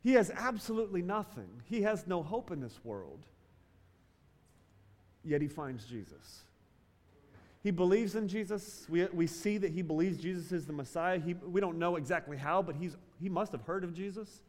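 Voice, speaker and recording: High-voiced man preaching in a hall. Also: animated. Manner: preaching with swings from loud emphasis to quiet, drawn-out phrases. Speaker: pastor. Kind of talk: sermon. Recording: long hall reverb.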